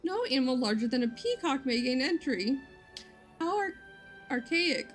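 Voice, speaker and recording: A woman reading a game letter aloud as a pompous, indignant gentleman, using a put-on accent. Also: high-pitched, lively intonation, moderate pace, faint music behind, pitched above the performer's own voice.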